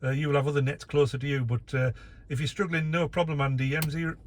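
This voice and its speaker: A man's voice: fairly high pitch, quick pace. Man running a ham radio net. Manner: relaxed, many filler uhs, reads call signs. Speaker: net controller, amateur radio. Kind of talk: casual radio net chat. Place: in a vehicle, operating mobile.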